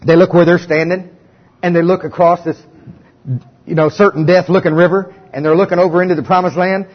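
In a dull, lo-fi recording, a pastor with a voice on the high side delivers his sermon through lively, folksy stories and humor.

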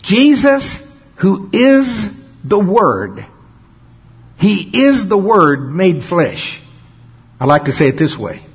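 Man, preacher, slightly high voice, husky, dull lo-fi recording, folksy sermon. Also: sing-song. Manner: folksy, laughs often, drawls into dramatic slow emphasis. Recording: dull lo-fi sound.

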